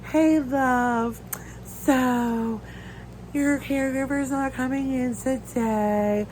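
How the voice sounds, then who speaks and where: A woman's voice: sits high, steady tone, drawn-out words, a little mellow, voice pushed up, poor audio. A breezy female agency coordinator, falsely sweet and overly familiar, as a woman mimics her. She lilts in a sing-song, slightly raised voice. A faint hiss sits underneath.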